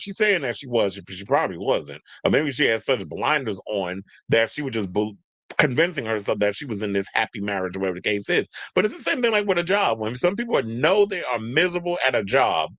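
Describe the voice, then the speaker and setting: A man's voice: mid-range voice, very animated, fairly quick, a bit bright, no room sound. Blunt, profane male commentator. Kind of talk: casual commentary.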